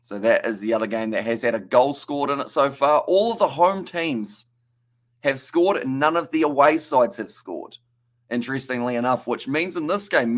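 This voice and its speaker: Kiwi guy, young, casual live-reaction match commentator, chatty, mid-pitched voice. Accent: New Zealand. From New Zealand. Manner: chatty play-by-play, reads out viewer chat, stumbles on names.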